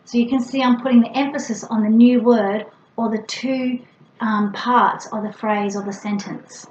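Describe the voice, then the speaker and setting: A woman's voice: on the high side, fairly even intonation, moderate pace, a little mellow. A middle-aged woman, a speech pathologist, patiently explaining to parents and breaking into exaggerated, playful sound demonstrations. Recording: roomy, slightly dull with faint ambience.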